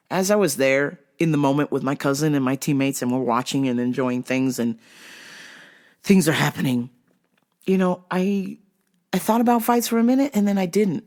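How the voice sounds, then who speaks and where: A woman's voice: low-pitched, darkish tone. A woman hosting a podcast, ranting casually and profanely, stretching out words for emphasis and laughing between complaints. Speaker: podcast host.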